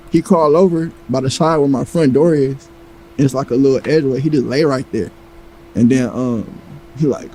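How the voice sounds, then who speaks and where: Male storyteller, casual and animated, mellow low-bright tone, light background hiss. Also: poor audio. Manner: animated, acts out quoted lines, heavy profanity.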